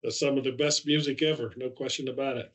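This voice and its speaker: A man's voice: mid-range voice, fairly even intonation, fast talker, noisy background. A man hosting a podcast, asking questions and reacting with short, encouraging remarks. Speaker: podcast host. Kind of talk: interviewer, casual chat.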